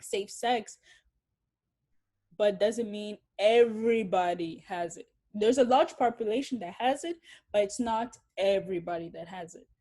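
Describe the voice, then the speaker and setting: A woman's voice: mid-range voice, unhurried, mellow. A young woman from Africa, speaking bluntly and swearing freely in a casual interview.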